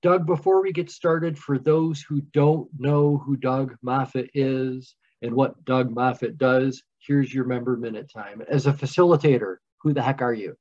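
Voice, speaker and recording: A man's voice: medium pitch, fairly even intonation, measured pace, few pauses, darkish tone. A man hosting a podcast interview, asking long, rambling questions with restarts. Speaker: podcast host. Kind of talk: casual interview chat. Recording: dull lo-fi sound.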